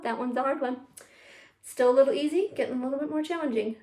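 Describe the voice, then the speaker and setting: Fairly quick and a little mellow, a woman's high voice guides kids through tongue twisters in an online drama class. She teaches youth theatre from home over a video call on a computer mic, staying cheerful and encouraging.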